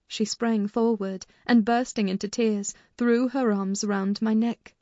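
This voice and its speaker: A woman narrates a classic novel in the first person with a mellow, warm tone and measured, expressive delivery. She leans into the dialogue when characters speak. The sound is dry and a bit dull, a lo-fi close studio read. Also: fairly high pitch, no room sound. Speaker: audiobook narrator.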